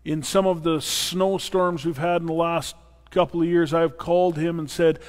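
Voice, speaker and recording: A man's voice: fairly high pitch, fairly even intonation, moderate pace. A man preaching a sermon as pastor, earnest and personal with playful asides. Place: church sanctuary. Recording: long reverb of a church hall.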